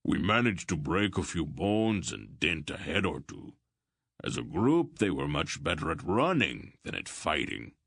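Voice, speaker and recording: A big warrior, voiced by a man reading an audiobook, with a low, booming rumble. He talks of a street fight with hearty relish. The reading is dry and close, with no room sound. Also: big pitch swings, measured pace, creaky, a bit bright, slightly rough, dry recording, heavily acted. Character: huge, boisterous warrior man with a deep rumble.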